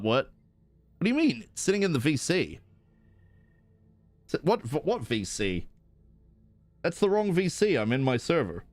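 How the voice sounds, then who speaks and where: A man streaming from home, chatting excitedly with viewers in a rambling way, often jumping up into high-pitched bursts. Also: no room sound. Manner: rambling with restarts. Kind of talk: live-stream chat while gaming.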